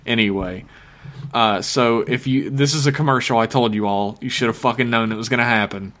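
A man's voice: mid-range voice, brisk, a bit bright. Male co-host, casual podcast banter, joking and cursing. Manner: profane, joking, laughs often.

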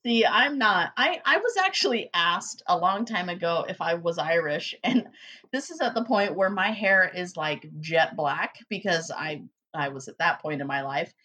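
A woman in casual conversation, swearing freely and throwing herself into her stories. She acts out the other people's lines with lively shifts in her voice. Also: lowish voice, moderate pace. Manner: animated, profane storyteller who acts out quotes. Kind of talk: casual chat.

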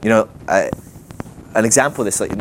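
A man preaching to a live group in a conversational sermon, animated and chatty, with frequent asides and rhetorical questions. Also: fairly low pitch, brisk, a little hiss or hum. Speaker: guest preacher. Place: teaching session before a live group.

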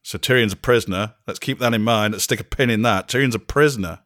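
A man's voice: lowish voice, fast talker, a bit bright. A man co-hosting a podcast, recapping a show in casual chat with exasperated sarcasm and acted-out lines. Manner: exasperated, mocking, acts out characters' lines. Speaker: podcast co-host.

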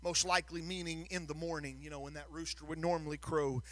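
A man's voice: fairly high pitch, little pitch movement, quick pace, a bit bright. A man preaching a sermon, telling the story with drama and rising to a sing-song, emphatic delivery, often repeating words as he builds. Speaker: pastor.

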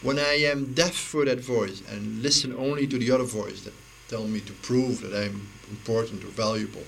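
Man, unhurried and earnest, with a fry-edged voice, halting with repeated words, on a personal recording with light hiss. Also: medium pitch, steady tone, fairly bright tone, low-quality recording. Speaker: spiritual speaker. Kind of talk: intimate reflective spiritual talk.

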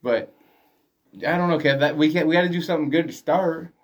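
A man guesting on a podcast talks fast in a relaxed, casual way. His voice sits a little back from the mic. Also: on the high side, far from the mic. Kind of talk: casual chat. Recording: voice a bit off-mic.

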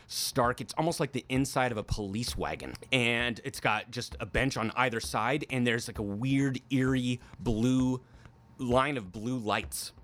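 A man's voice: mid-range voice, fairly bright tone, slight background noise. A man running a tabletop game as game master, narrating scenes in vivid, descriptive bursts.

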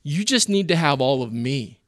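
A man voicing God as a calm, reassuring divine presence, speaking slowly and softly. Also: a little high, dry recording, studio quality, pitched below the performer's own voice, close to an everyday voice. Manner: slow, soft, solemn.

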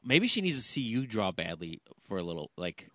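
A man's voice: on the low side, very animated, a little fast, fairly bright tone, no echo, studio quality. A man co-hosting a podcast, chatting in an easygoing way about parenting. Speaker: podcast co-host. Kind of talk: casual chat.

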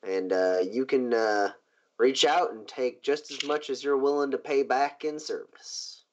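A man voicing a smooth, scheming riverboat boss who drawls his offers slowly with hesitant pauses. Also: mid-range voice, a little mellow, natural voice. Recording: dull lo-fi recording.

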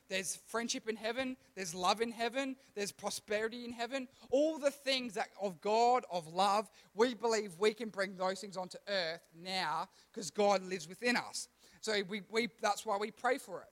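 High-voiced chatty man preaching to kids. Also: normal speed, fairly bright tone. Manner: chatty, self-deprecating, stumbles and restarts, asks the room questions. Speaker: youth pastor. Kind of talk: casual sermon to kids.

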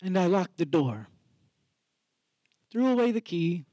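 A man tells an earnest personal story at a slow, deliberate pace. His voice sits fairly high, and the sound is close and dry. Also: sing-song, mellow, no echo. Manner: slow, measured and reflective. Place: theater stage.

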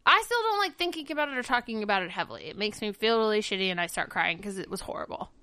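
A woman in her thirties from the United States, co-hosting a podcast in loose, swear-heavy chat. Her voice is bright and cutting, and she gets worked up as she talks. The sound is close and dry, with no room around it. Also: mid-range voice, lively intonation, very fast, clear, resonant tone, no room sound. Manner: emphatic, profane, gets worked up. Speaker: podcast co-host.

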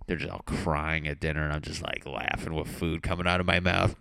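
A man's voice: low-pitched, normal speed, creaky, fairly bright tone, dry recording, studio quality. A man talking casually to camera as a comedian, in a profane, teasing, mock-insulting rant. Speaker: comedian vlogger.

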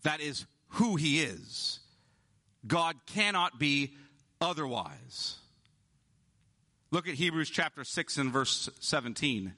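A male pastor preaching an emphatic sermon, slowing down to stress key words. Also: fairly high pitch, lively intonation, bright, forceful tone.

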